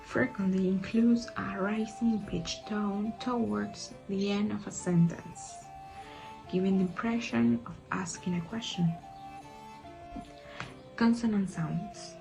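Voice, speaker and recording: A woman reading a scripted lesson narration in a measured, explanatory way. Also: medium pitch, creaky, poor audio. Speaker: teacher.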